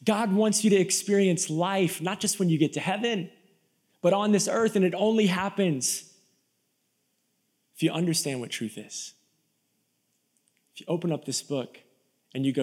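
A male pastor from Florida preaching an energetic, emphatic sermon to a live church audience, with storytelling asides. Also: sits high, moderate pace, pauses often. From Florida, USA.

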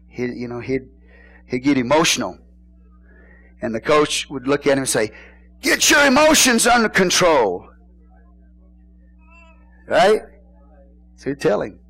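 A middle-aged man preaching a sermon as pastor, in a casual folksy way, asking his congregation questions and now and then shouting a point. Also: mid-range voice, poor audio. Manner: casual folksy phrasing, bursts into shouted emphasis.

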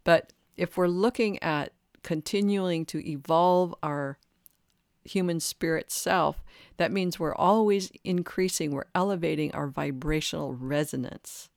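A woman's voice: low-pitched, measured pace, dry recording, studio quality. A middle-aged woman hosting a spiritual podcast, talking earnestly through a reflective monologue. She laughs at herself now and then and acts out her own inner complaints. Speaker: podcast host.

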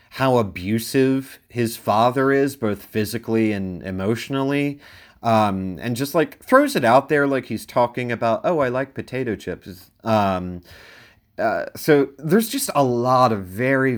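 A man casually reviewing a film out loud, rambling and wry, with many filler sounds between thoughts. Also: medium pitch.

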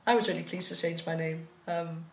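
Woman guest, relaxed chatty delivery with frequent laughs, slightly low, roomy recording. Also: brisk, gravelly. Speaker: guest artist. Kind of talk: casual chat. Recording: roomy echo.

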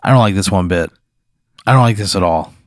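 A man's voice: low-pitched, fairly quick, no echo, studio quality. Exasperated young man swearing in disbelief. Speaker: podcast co-host, listener of the hypothetical. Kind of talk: casual comedic banter.

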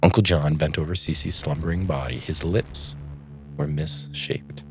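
A man narrating a story aloud in a calm, measured reading voice. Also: a bass voice, creaky, faint music behind.

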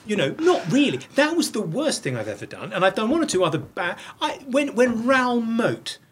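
A man's voice: high voice, sing-song, normal speed, slight background noise. A middle-aged man talking as an interview guest, blunt and profane, tumbling over restarts as he speaks. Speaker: podcast guest. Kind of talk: candid interview conversation.

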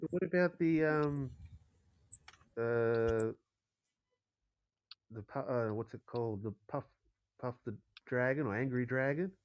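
A man's voice: mid-range voice, takes it slowly, long pauses, smooth, no room sound, highs cut off. A man on a casual podcast, telling crude bits and rambling with fillers. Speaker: podcast co-host.

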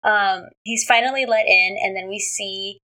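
A woman's voice: mid-range voice, fairly even intonation, normal speed, pushed and bright, poor audio. A woman co-hosting a casual podcast, reading a plot recap from notes and commenting frankly, with some swearing. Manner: reads recap notes aloud, frank, swears, reacts with short agreements. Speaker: podcast co-host recapping a drama. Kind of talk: casual chat.

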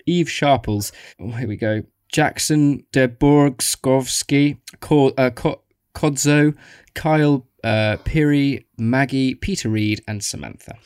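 A man's voice: medium pitch, slow, a little mellow, smooth, no room sound, studio quality. A man co-hosting a casual podcast, reading listener emails aloud and adding joking asides. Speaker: podcast co-host.

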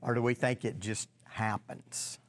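Slow, halting man teaching the Bible. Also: mid-range voice, flat delivery. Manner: halting, repeats words, asks the audience questions.

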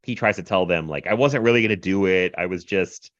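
A man casually reviewing a film in animated, rambling podcast chat, full of fillers and laughs. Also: deep voice, a little fast, no echo, muffled recording. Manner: animated, filler-heavy retelling with laughs and mimicry.

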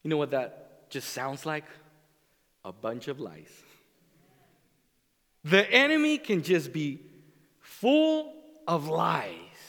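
Brief: male pastor, high and very lively voice, slow deliberate sermon delivery, long hall reverb. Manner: animated preaching, acts out quoted voices.

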